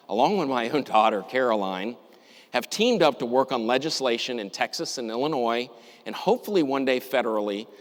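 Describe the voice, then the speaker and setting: A middle-aged man telling a personal story in a talk, reflective and measured, with deliberate pauses. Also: medium pitch, fairly bright tone. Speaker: university administrator giving a talk. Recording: long reverb, as in a hall.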